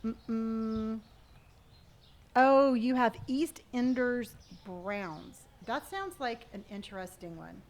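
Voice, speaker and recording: A woman's voice: on the high side, lively intonation, takes it slowly, few pauses. A middle-aged woman chatting casually on a live stream while she plays, reading viewer comments aloud and humming to herself. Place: at home.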